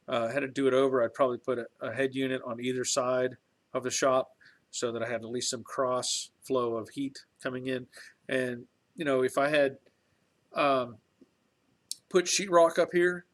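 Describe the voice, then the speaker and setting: A middle-aged man hosting a casual live stream from his home garage workshop, rambling in a folksy way with chuckles and restarts. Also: medium pitch. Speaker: channel host on a live stream.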